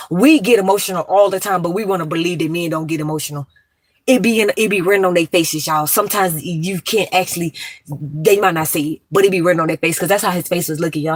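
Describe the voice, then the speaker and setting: A woman's voice: fairly low pitch, breathy edge, no echo. A woman, ranting emphatically and profanely to her viewers. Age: 30s. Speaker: vlogger.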